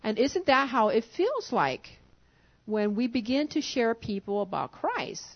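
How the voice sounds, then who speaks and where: A woman with a fairly high voice leads a church service in a relaxed, coaxing way, chuckling as she goes. The sermon comes through a dull, lo-fi recording. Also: unhurried. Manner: conversational, coaxing, often chuckling. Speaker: pastor's wife leading a church service. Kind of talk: informal sermon talk to a congregation.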